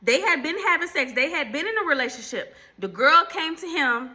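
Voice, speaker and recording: A woman's voice: sits high, lively intonation, brisk, pushed and bright. A woman hosting her own channel, chatting casually to viewers about faith and relationships, calling them y'all, with preachy asides. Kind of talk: casual faith talk to camera.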